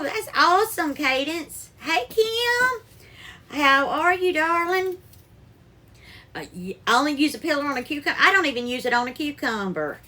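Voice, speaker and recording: Bright high-voiced woman cooking live. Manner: greets viewers by name, calls them darling. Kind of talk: live-stream cooking chat.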